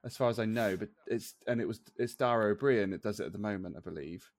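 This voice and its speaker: A man's voice: lowish voice, fast, dry recording. A man co-hosting a podcast in casual chat, easygoing, trailing off as he tries to recall names. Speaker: podcast co-host.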